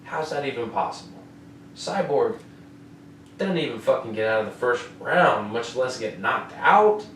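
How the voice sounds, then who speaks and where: Profane, excitable man recapping fights. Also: medium pitch, a little slow. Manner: profane, excitable, keeps asking "you know what I mean". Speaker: podcast host. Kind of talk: casual MMA fight recap. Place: home room with air conditioner. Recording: roomy, distant mic, faint noise.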